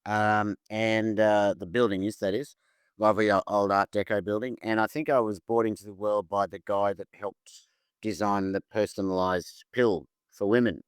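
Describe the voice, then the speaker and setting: An Australian man talking as a guest in a relaxed interview, telling stories with plenty of restarts. His voice is low, smooth and resonant, and the sound is close and dry. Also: moderate pace, no echo. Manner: chatty, storytelling, frequent restarts. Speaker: musician guest. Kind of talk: casual interview chat.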